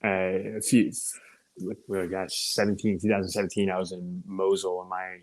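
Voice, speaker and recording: A man with a low voice telling a war story in casual talk. He is laid-back and swears freely, and his voice turns lively when he quotes others. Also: rough recording. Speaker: guest, former first sergeant.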